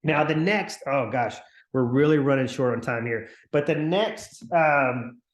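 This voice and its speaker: Energetic male sales coach, echoey room. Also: mid-range voice, unhurried. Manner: energetic, chatty, acts out upbeat phone calls. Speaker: real estate sales coach. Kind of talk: live coaching session on a video call. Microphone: computer mic on a video call.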